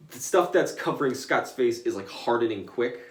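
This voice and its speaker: A man's voice: medium pitch, lively intonation, normal speed. A young man casually retelling a comic story to a friend, rambling with lots of fillers and restarts, in an echoey room. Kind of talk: casual chat.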